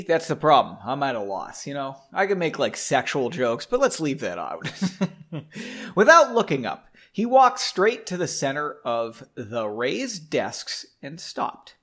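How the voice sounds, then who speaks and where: A man's voice: mid-range voice, gravelly, a bit bright. Man reading his own story with wry asides. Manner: self-interrupting, wry, rereads lines in new voices. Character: weary male hero, reading his own lines. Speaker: podcast host reading his own book. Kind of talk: casual reading with joking asides.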